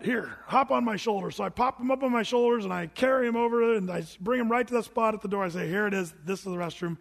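A man's voice: high-pitched, big-room sound. A pastor preaching a sermon to his congregation in a church, earnest and emphatic, often repeating himself for weight. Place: church sanctuary.

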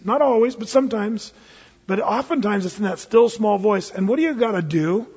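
A male pastor preaching a sermon, animated, acting out characters from scripture with big swings in pitch and loudness. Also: husky. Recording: muffled recording with long hall reverb.

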